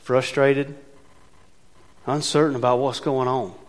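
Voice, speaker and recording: A pastor preaches a sermon from the pulpit, speaking conversationally and with emphasis while putting rhetorical questions to his congregation. His mid-range voice has little pitch movement and a slow pace. A large hall's long reverb surrounds him.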